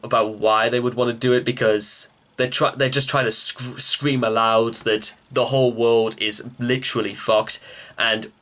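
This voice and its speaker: A man hosting a music reaction video, talking in halting bursts with many restarts while he searches for words and addresses viewers as ladies and gentlemen. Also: mid-range voice.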